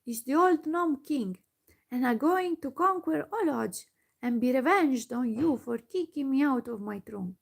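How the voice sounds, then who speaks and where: A woman's voice: sits high, very animated, unhurried, creaky, pitched above the performer's own voice, heavily acted. A woman voicing an angry old male gnome king in whispered role-play, fierce at first, then confused and stammering.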